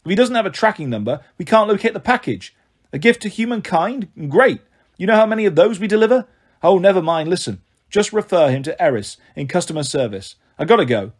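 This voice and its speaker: A man's voice: high voice, very animated, a little fast, breathy edge, pitched above the performer's own voice, full character voice. A man doing a sly, easygoing god. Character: relaxed, sly male messenger god in his forties.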